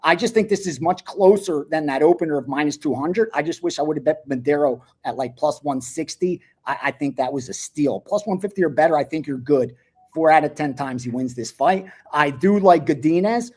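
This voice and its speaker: A man giving sports betting picks in casual talk, blunt and animated, swearing freely. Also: a little high, brisk, slightly rough.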